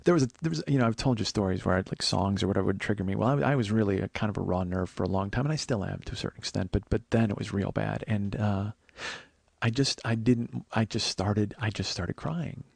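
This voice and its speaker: A man's voice: fairly low pitch, fairly quick, creaky, husky, no room sound. Man telling a raw confessional story. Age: 40s. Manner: swings from hushed and tearful to loud and laughing; profane, rambling with many restarts. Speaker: podcast host.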